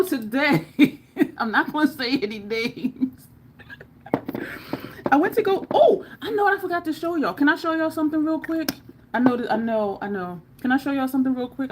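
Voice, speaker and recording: A woman's voice: fairly low pitch, a little hiss or hum. An American woman hosting a beauty live stream, chatting in a rambling way and talking straight to her viewers as y'all. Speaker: beauty livestream host. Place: home makeup setup under bright lights.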